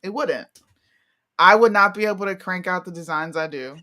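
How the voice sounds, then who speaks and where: A woman co-hosting a live talk show in casual banter, loud and blunt. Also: lowish voice, moderate pace. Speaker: co-host.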